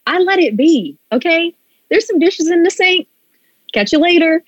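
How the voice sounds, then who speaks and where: A woman's voice: very high voice, normal speed, no room sound, highs cut off. A woman in her thirties, a podcast guest chatting frankly and with lots of energy. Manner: frank, animated, breezy. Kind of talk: casual chat.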